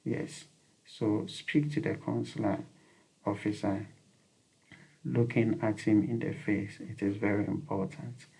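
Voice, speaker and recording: A man's voice: on the low side, level tone, measured pace, vocal fry, mellow, husky, low-quality recording. A man giving earnest, repetitive advice on visa interviews, with frequent fillers. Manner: earnest, repeats key points, frequent fillers. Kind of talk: instructional talk to camera.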